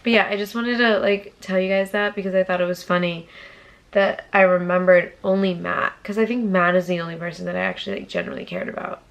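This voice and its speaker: Woman, young adult, from Massachusetts, YouTuber. Gravelly, profane storyteller with whispered asides. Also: medium pitch, steady tone, quick pace. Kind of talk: casual storytime vlog.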